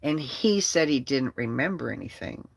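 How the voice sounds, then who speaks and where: A woman's voice: rumbling low, animated, normal speed, creaky, breathy edge, dry recording. A woman casually telling a personal story, blunt and profane and candid.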